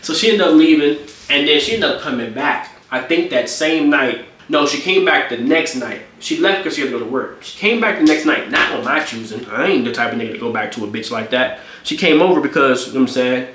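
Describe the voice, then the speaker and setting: A man telling a story in a casual, profane and animated way, rambling as he goes. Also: medium pitch, fairly quick, slight background noise. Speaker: streamer. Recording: echoey room.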